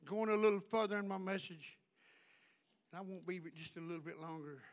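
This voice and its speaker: A man preaching a fiery revival sermon, building into shouted, repeated runs in a church. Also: sits high, a little fast. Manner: preaching in rising shouted runs, repetitive cadence. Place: church sanctuary.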